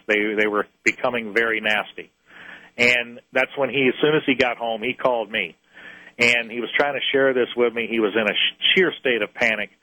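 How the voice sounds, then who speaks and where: A man earnestly tells an interviewer about a case from his UFO research, pausing and restarting his phrases as he goes. His voice is bright and forceful. It is recorded dry, with no room sound. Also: mid-range voice, dry recording, rough recording. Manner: earnest storyteller, halting restarts.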